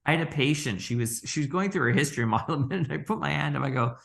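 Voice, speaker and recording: A bright-voiced man talks as a podcast guest, animated and chatty. He tells stories and slips into the voices of the people he quotes, often laughing along the way. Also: a little high, fast, creaky. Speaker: orthodontist guest. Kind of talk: conversational podcast interview.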